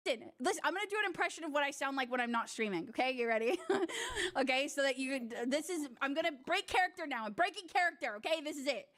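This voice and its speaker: A woman's voice: high voice, expressive, quick pace, fairly bright tone. A woman streaming as a VTuber, chatting playfully and teasingly with frequent giggles. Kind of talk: casual live-stream chat.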